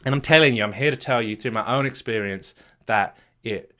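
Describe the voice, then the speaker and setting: A man's voice: mid-range voice, fairly quick, pushed and bright. A middle-aged man, a marriage coach, telling his own story earnestly, repeating phrases and restarting often. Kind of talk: personal story told to an audience.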